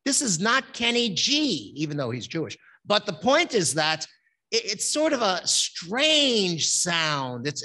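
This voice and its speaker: A man's voice: high-pitched, pushed and bright. A man, a rabbi, giving a folksy, joking holiday sermon in a synagogue and asking the congregation questions. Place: synagogue sanctuary.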